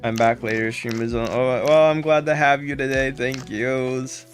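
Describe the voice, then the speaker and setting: A man's voice: medium pitch, steady tone, normal speed, soft background music. A man streaming a game live, chatting casually and greeting viewers by name with repeated thanks.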